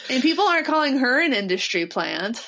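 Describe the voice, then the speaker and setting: Chatty woman podcast host, voice a bit high. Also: sing-song, brisk, sharp tone. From Ohio. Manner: chatty, joking, swears casually. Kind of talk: casual chat.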